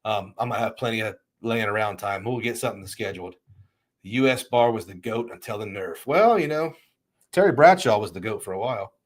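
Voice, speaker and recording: A man's voice: on the low side, expressive, fairly quick. A middle-aged man hosting a livestream, chatting casually and reacting to viewer comments in a rambling, restart-heavy way. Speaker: livestream host.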